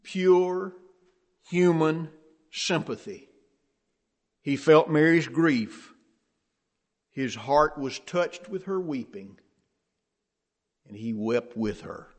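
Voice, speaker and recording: A man preaching a sermon in a slow, measured way, lifting his voice to stress key phrases. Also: medium pitch, animated.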